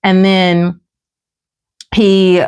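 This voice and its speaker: A woman's voice: medium pitch, drawn-out words, clear, resonant tone. A woman hosting a podcast, casually recapping a drama and acting out the characters' lines. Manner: animated storytelling, acts out characters' lines. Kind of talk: casual chat.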